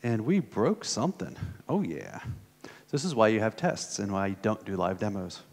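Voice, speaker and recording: A fairly low, sing-song male voice at normal speed comes from an American conference speaker casually narrating a live coding demo. He thinks out loud as he types, with many fillers, and the hall's long reverb carries through the recording.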